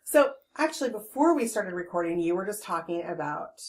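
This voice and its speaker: A woman's voice: on the low side, lively intonation, brisk. A woman hosting a podcast, joking and telling stories in a casual chat on a portable recorder. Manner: jokey storyteller, does silly voices. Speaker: podcast host.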